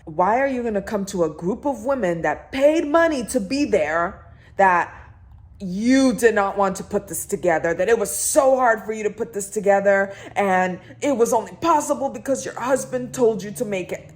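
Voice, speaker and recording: A tipsy woman vlogger rants and tells stories in a casual chat, animated throughout. Her voice is mid-range and her pace moderate.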